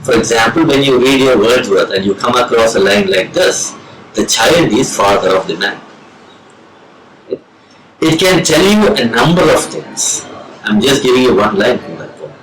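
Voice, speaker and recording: A man with an Indian English accent, a professor of English giving a slow, measured lecture on reading poetry with deliberate pauses. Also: medium pitch, animated, background noise. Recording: roomy with faint ambience.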